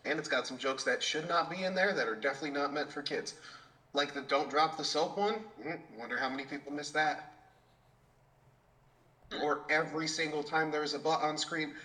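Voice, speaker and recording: A man's voice: a little high, fairly quick, pushed and bright, rough recording. A man co-hosting a podcast, ranting in an enthusiastic, swearing way and tripping over repeated words. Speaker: podcast co-host. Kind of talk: casual podcast rant.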